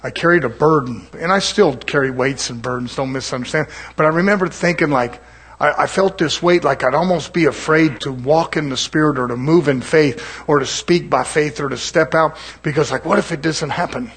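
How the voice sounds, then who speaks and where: A man's voice: a little high, a little fast, fairly bright tone, slightly rough. A man preaching a sermon, earnest and conversational, repeating phrases for emphasis and asking the congregation rhetorical questions.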